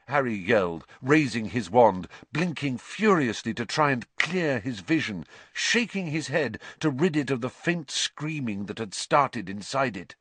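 A man narrating an audiobook in a measured, suspenseful way, dropping low for dark passages. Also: expressive, no echo.

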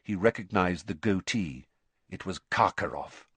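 A man reading an audiobook in a steady storytelling manner, stepping into character voices. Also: fairly low pitch, measured pace, breathy edge, no room sound. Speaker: narrator. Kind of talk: audiobook narration.

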